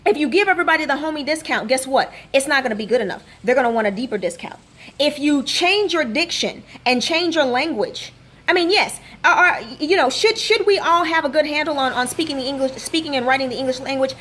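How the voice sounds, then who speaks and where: A woman's voice: high-pitched, expressive, fairly quick, a bit bright. A woman fitness coach giving a motivational vlog rant, hammering home rhetorical questions. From Texas. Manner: emphatic, repeats rhetorical questions.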